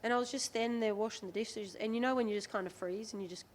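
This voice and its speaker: A woman's voice: fairly high pitch, fast, a little hiss or hum. Chatty Australian woman telling stories. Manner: candid, chatty, lively retelling with quoted dialogue. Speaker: guest, rugby league player. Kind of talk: podcast interview storytelling.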